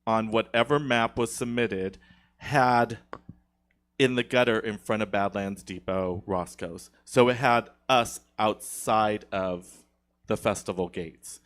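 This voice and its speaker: A man's voice: fairly low pitch, slow, fairly bright tone. A man as a guest on a podcast, telling a long, indignant story in casual studio chat, with many restarts.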